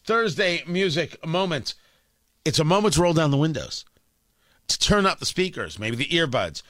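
A male radio host giving a wry, animated talk-radio monologue, correcting himself as he goes. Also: on the high side, brisk, no echo, studio quality.

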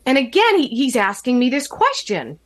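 A woman with a fairly high voice tells a personal story in an easy, chatty way. She is animated and acts out what people said, jumping her pitch up and down for each quoted line. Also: normal speed. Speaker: podcast guest. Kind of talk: casual storytelling.

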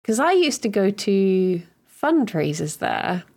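A woman's voice: medium pitch, very animated, slow, a little mellow, slightly rough. A woman from Hertfordshire, co-hosting a podcast and rambling through stories with lots of giggles. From Hertfordshire, England. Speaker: podcast co-host. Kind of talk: casual chat.

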